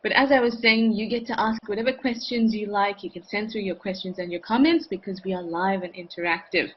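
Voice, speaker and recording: A woman's voice: medium pitch, fairly even intonation, a little fast, breathy edge, lo-fi sound. A woman hosting a live wildlife cam show, chatting enthusiastically and reading out viewer comments.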